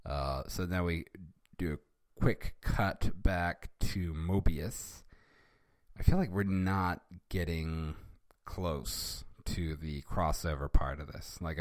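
A man's voice: low voice, no echo, studio quality. A man hosting a casual reading of a fan story, making wry, amused asides as he goes. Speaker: reader and host.

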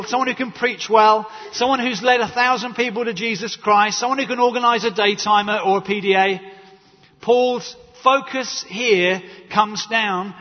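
Preacher guy, high husky voice, echoey church, kinda muffled recording. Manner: animated storytelling with acted quotes and laughter. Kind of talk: sermon. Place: church hall. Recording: dull echoey church sound.

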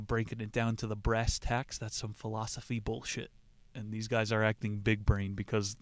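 A man's voice: medium pitch, no room sound. Male podcast host with a mocking, offhand delivery in a dead-dry booth. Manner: irreverent, rambling, mocking. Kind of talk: casual book discussion podcast.

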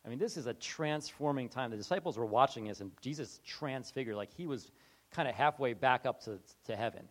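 A man preaching a conversational sermon, animated and chatty, slipping into quick acted-out voices with frequent restarts. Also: mid-range voice.

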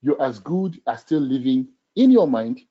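A man's voice: medium pitch, sing-song, normal speed, dark tone, dull audio. A man preaching a sermon and reading scripture aloud, stressing his points by repeating phrases.

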